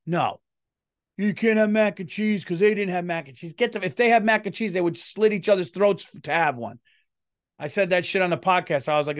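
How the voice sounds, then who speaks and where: A man's voice: high voice, no echo, studio quality. A middle-aged man, hosting his comedy podcast in a casual, profane rant and feeling unwell. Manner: profane, animated, swings loud and quiet.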